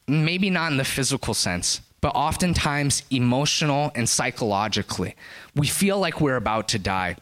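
A man preaching a sermon, telling a story in an animated way and rising to high, excited lines at the climaxes. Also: normal speed.

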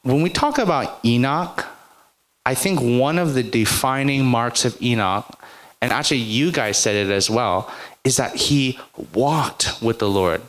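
A man's voice: medium pitch, expressive, a little slow, a bit bright. A man preaching a sermon to a congregation, telling personal stories in a chatty way and often adding "right?" and "like". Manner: conversational, storytelling, frequent "like" and "right?". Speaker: pastor.

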